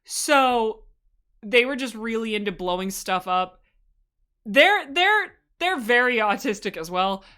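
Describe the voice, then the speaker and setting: A woman's voice: fairly high pitch, animated, slow, bright, forceful tone, clean tone. A woman giving a casual livestream presentation, rambling and enthusiastic, full of asides. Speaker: streamer presenting a fan slideshow.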